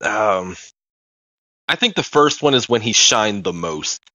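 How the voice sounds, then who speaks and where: Animated low-voiced man, casual podcast chat. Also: a little slow, dry recording, muffled recording. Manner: animated, laughing storyteller, swears casually. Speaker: podcast co-host.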